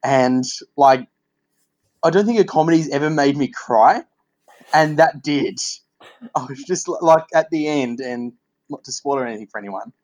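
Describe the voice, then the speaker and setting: A man's voice: mid-range voice, normal speed, darkish tone, rough recording. Chatty male podcast host. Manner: chatty and candid, swears and laughs freely. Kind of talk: casual podcast interview.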